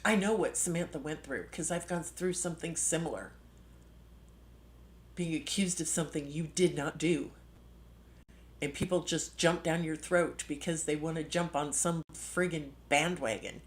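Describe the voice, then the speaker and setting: A woman's voice: moderate pace, a little hiss or hum. Impassioned, indignant woman streaming live. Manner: impassioned, indignant, with sudden pitch jumps and pointed emphasis. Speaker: livestream host. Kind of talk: emotional live-stream commentary.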